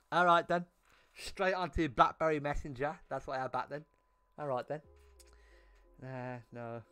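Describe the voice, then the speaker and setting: High bright-voiced young man. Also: moderate pace, pauses often, smooth, faint music behind. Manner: animated, swearing, repeats words. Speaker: gaming streamer. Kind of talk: casual storytelling on a livestream.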